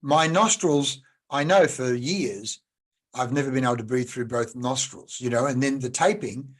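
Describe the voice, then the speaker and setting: Husky man in his sixties. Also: medium pitch, moderate pace. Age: 60s. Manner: chatty, animated anecdotes. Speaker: podcast host. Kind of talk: casual interview chat.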